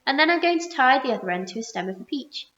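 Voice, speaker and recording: A woman voicing an earnest, resourceful young boy who calmly explains his plan in a storybook reading. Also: high voice, quick pace, pitched above the performer's own voice. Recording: roomy muffled recording.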